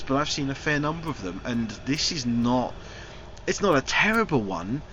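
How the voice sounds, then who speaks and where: A man's voice: medium pitch, pushed and bright. A man giving a casual, frank spoken film review, his sentences loose and wandering. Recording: slightly dull recording with faint hiss.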